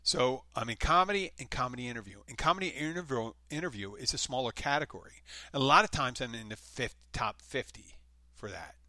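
A man's voice: mid-range voice, expressive, a little fast, pushed and bright, no room sound. A man from the United States, hosting his own podcast in a casual, rambling monologue full of restarts and self-corrections. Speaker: podcast host.

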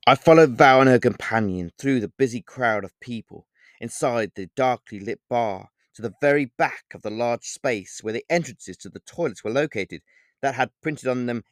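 A man narrates his own novel in the first person, unhurried and full of explanatory asides. His voice sits at an ordinary male pitch. The recording is dry and close, with no room sound. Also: no room sound. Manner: measured, explanatory storytelling with digressions. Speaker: author reading his novel.

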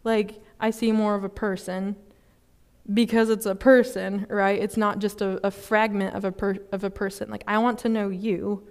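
A young woman giving a sermon at a student fellowship, casual and chatty, with many fillers and quick laughs at herself. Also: medium pitch, little pitch movement. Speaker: student ministry speaker. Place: church service hall.

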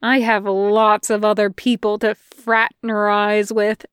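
A woman's voice: mid-range voice, level tone, slow, clear, resonant tone, no echo, studio quality, close to an everyday voice. A woman voicing a cold, bitter male demon who speaks curtly and harshly. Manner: curt, drawling, harsh.

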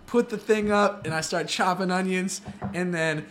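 A young man, a podcast guest, telling stories in a loose, rambling way full of "like", and dropping into a low mumble for asides. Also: fairly even intonation, moderate pace, a bit bright. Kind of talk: casual chat.

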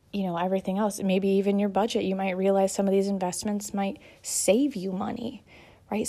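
A woman's voice: mid-range voice, warm tone. A young woman and mother talking casually and encouragingly, a little out of breath as she folds laundry. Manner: chatty, encouraging, lots of fillers. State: slightly out of breath while folding laundry. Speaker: mother sharing self-care advice. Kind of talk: casual monologue.

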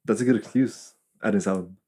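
Podcast co-host, male, low voice, quick teasing delivery. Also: warm tone, husky. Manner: teasing, quick to joke and react. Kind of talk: casual chat.

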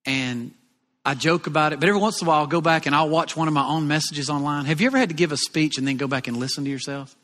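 A man from Alabama with a Southern accent, preaching a sermon in a folksy, animated, jokey way. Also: on the high side, racing. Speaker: pastor. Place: church auditorium. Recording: long reverb of a large church hall.

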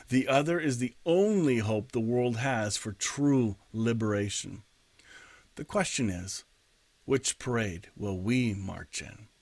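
Male pastor, mid pitch, earnest sermon delivery with rhetorical questions; dry, close recording. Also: no echo.

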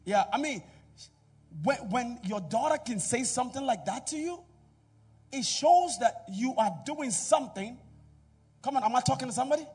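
High-voiced pastor preaching. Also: male voice, expressive, normal speed, husky, recorded from a distance. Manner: preaching with call-and-response to the congregation; swings between loud exhortation and quiet asides. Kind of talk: sermon. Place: church.

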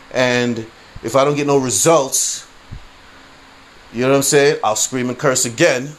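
A man's voice: medium pitch, a little hiss or hum. A man hosting his own podcast, ranting casually, swearing freely and tagging lines with "you know what I mean". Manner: laughs through stories. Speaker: podcast host. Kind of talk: casual solo rant.

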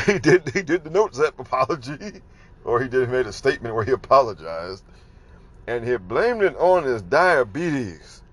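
A man hosting a livestream, giving casual ranting commentary in an exasperated, incredulous way, firing off rhetorical questions. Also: fairly low pitch. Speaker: livestream host.

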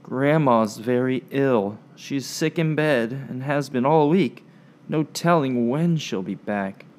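A man's voice: medium pitch, darkish tone, natural voice. A man doing a tearful young baker woman. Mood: sad. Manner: slow, sniffling and weak.

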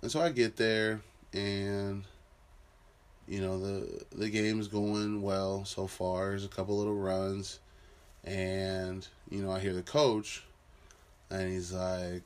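A deep-voiced man tells a story from his own life. His talk is casual and rambling, with lots of fillers and restarts as he goes. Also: level tone, measured pace. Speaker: father telling a personal story.

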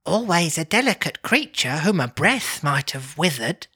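Narrator doing a gentle Christmas spirit. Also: medium pitch, sing-song, normal speed, husky, full character voice.

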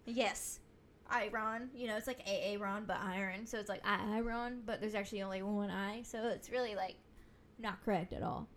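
A woman's voice: mid-range voice, steady tone, fairly quick, slight background noise. A woman co-hosting a podcast in casual chat, goofy and playful, slipping into joking bro talk.

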